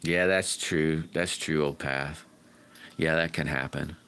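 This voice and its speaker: Deep slow-talking male livestreamer. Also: fairly even intonation, clear, resonant tone. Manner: rambling, friendly, whoops loudly when greeting viewers. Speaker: livestream host. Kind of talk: casual livestream chat reading viewer comments.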